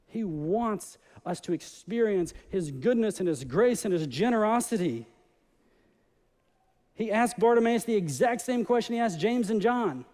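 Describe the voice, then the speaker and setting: A man preaching a lively sermon as pastor of a church, acting out voices from the story as he reads. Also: high-pitched, normal speed, pauses often. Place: church sanctuary. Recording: church hall with long reverb.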